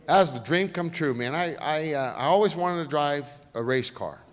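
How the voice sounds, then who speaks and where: In a reverberant lecture hall, a middle-aged guest speaker tells folksy stories at a moderate pace, his voice a little high. He's lively and acts out the quoted voices in his storytelling lecture.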